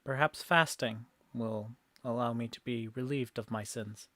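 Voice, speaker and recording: A man's voice: medium pitch, fairly even intonation, no echo. A man doing a weary old priest. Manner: slow, soft and resigned. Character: weary old male priest seeking penance.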